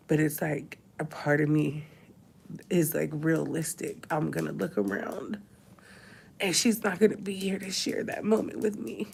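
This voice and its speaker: Low gravelly woman crying on camera. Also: a little mellow. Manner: emotional, breaks into whispers and sighs. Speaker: vlogger. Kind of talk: tearful confessional vlog. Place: hospital room.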